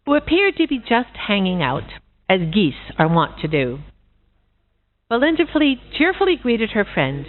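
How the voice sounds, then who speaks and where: A woman reads a fable aloud to a conference audience in an expressive storytelling manner. Her pitch moves a lot. The sound is thin and phone-like. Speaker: conference speaker.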